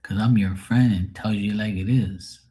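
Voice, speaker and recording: A man casually chatting on a livestream, answering viewers' comments in a rambling way and often clearing his throat. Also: lowish voice, steady tone, moderate pace, warm tone. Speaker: livestream host.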